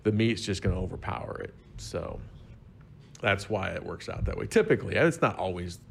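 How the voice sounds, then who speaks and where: Laid-back man explaining with a low voice. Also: lively intonation, brisk, vocal fry, husky. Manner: easygoing, explains with everyday examples. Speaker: wine expert guest. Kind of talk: casual explanatory chat.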